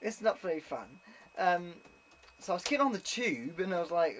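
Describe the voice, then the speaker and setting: A man's voice: high-pitched, sing-song, normal speed, fairly bright tone, a little hiss or hum. A young man telling a rambling, casual vlog story full of ums and restarts. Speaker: vlogger. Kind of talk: casual chat.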